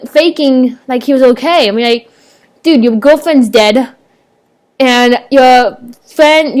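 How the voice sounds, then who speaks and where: A young woman, chatting casually to her laptop webcam at home, rambling excitedly with lots of fillers and restarts. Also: high voice. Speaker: vlogger reviewing a TV episode. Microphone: laptop webcam microphone.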